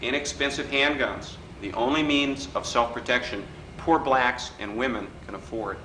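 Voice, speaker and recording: A middle-aged man giving a live workshop lecture in a hotel function room, an animated, wisecracking storyteller who mimics the people in his stories. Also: medium pitch, moderate pace. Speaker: workshop speaker. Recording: roomy hall recording with faint background noise.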